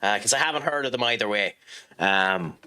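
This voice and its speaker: A man streaming a football management game, chatting with viewers in a rambling way and reacting loudly to the match. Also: fairly low pitch, expressive, brisk, smooth. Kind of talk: live gaming stream chat and match commentary.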